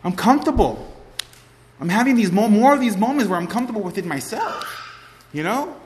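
A man's voice: high voice, expressive, a little fast, pauses often, a little mellow. A man speaks to a group in a large, echoey hall, his voice ringing off the walls under a faint murmur of room noise. He tells his story in a loose, rambling, heartfelt way, circling back with "you know" and "right" as he talks. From Cuban family. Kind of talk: personal testimony to a group.

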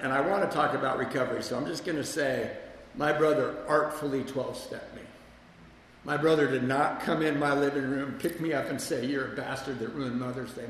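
A man's voice: mid-range voice, vocal fry, a little hiss or hum. A man speaking at a recovery meeting, telling his own story candidly and with self-deprecating asides to the group. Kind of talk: personal recovery share to a live group. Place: meeting room with a group present. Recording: echoey hall with long reverb.

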